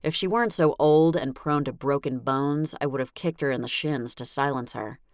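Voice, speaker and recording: A woman reads a first-person audiobook with a wry, exasperated edge, her voice sitting very low. The recording is close and dry, with no room echo at all. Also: normal speed. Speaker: audiobook narrator. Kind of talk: first-person scripted narration.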